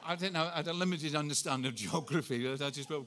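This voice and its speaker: A man's voice: fairly high pitch, quick pace, background noise. Scottish preacher in his sixties. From Scotland. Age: 60s. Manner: earnest, storytelling with self-deprecating humour. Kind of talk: sermon.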